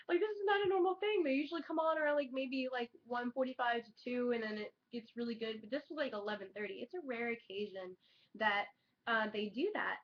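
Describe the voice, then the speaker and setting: Young woman, casual vlogger, chatty and excitable, higher voice, muffled lo-fi webcam sound. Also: brisk. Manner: chatty, excitable, heavy use of "like" and swearing. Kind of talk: casual chat to camera. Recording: dull lo-fi webcam audio.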